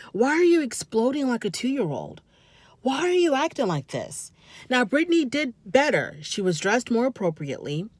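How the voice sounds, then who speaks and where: Animated woman reviewing reality TV, dry sound. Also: a little high, no echo. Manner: animated, scolding, talks straight to the people on the show. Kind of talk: casual commentary.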